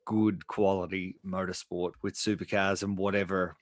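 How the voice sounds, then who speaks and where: A man's voice: deep voice, level tone, moderate pace, no room sound. A man co-hosting a casual motorsport podcast, chatty with lots of fillers and restarts. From Australia. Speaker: podcast co-host.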